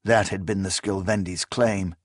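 A man reading fantasy narration aloud in a solemn, deliberate manner. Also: low-pitched, steady tone, no echo, studio quality. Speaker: audiobook narrator.

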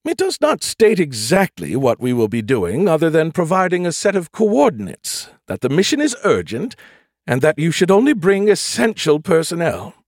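A man voicing a polite, motherly female ship AI who gently teases and calls people dear. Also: a little high, wildly swooping pitch, normal speed, no room sound, studio quality, pitched above the performer's own voice, full character voice. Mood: prim and polite.

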